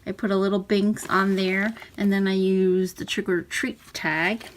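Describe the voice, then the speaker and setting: A woman casually talking through a handmade journal she is showing page by page, relaxed and chatty. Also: mid-range voice, unhurried, rough recording. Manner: chatty, relaxed, with fillers and soft laughs. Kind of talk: casual craft walkthrough. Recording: audible background noise.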